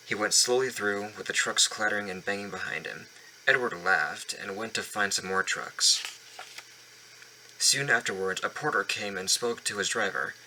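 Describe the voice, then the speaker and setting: A man reads a children's story aloud, stumbling now and then and going back over words. His voice sits fairly low but comes across bright and crisp, recorded at home. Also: normal speed, slight background noise, low-quality recording. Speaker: reader of a children's book. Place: home basement.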